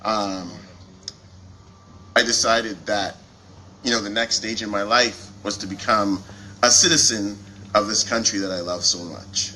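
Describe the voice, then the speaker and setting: A man's voice: on the low side, fairly even intonation, measured pace, pauses often, sharp tone, slight background noise, poor audio. A man in his forties from Canada, gives a joking and openly emotional speech as a company CEO to an audience at a launch event. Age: 40s. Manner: self-deprecating, jokey, openly emotional. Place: event hall before an audience.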